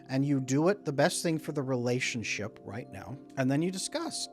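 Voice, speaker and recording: Animated man, lively talk. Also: medium pitch, moderate pace, few pauses, faint music behind. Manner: animated, acts out both partners in mock dialogue. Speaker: relationship coach. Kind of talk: solo talk to camera.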